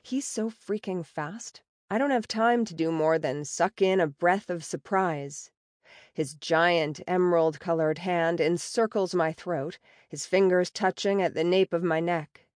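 A woman narrating a story in the first person, with a wry, sarcastic and expressive delivery. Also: on the low side, unhurried, no room sound, studio quality. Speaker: audiobook narrator.

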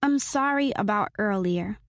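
A woman voicing a sheepish young adult daughter who talks in a timid, apologetic way, with a raised, brighter voice. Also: medium pitch, lively intonation, normal speed, dry recording, clean studio sound, natural voice.

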